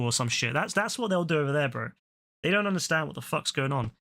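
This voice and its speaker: A man's voice: on the high side, animated, rapid-fire, vocal fry, no echo, studio quality. A young British man from England, ranting and swearing in casual chat while streaming a game. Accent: British English. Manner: ranting, swears often, laughs loudly.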